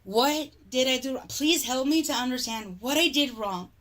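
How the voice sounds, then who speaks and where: A woman's voice: high-pitched, moderate pace, a bit bright. A woman streamer in an exasperated, heavily profane livestream rant.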